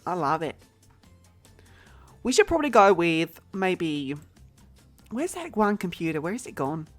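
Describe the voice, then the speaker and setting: A woman with a fairly low voice that swoops around a lot, thinking out loud while she plays a game. She talks bluntly and casually, with faint music underneath. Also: very animated, a little slow. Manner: chatty and blunt, talks to herself while building. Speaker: streamer. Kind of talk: casual gameplay commentary.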